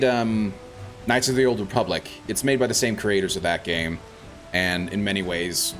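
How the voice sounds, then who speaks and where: Male streamer, deep voice, loose chatty commentary, reads game text aloud, curses at setbacks. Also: steady tone, moderate pace, a bit bright, soft background music. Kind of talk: casual gameplay commentary.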